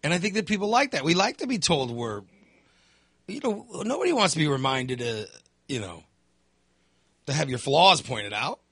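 Bright-voiced man ranting about politics. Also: a little high, normal speed, long pauses, slightly rough, dry recording, clean studio sound. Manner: animated, mocking quotes of others, swears, sighs. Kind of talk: casual political rant.

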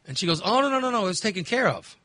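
A man's voice: high voice, very animated, racing, pushed and bright, no echo. A man in his fifties, hosting and telling a candid, rambling story in casual chat. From Texas. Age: 50s. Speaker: host.

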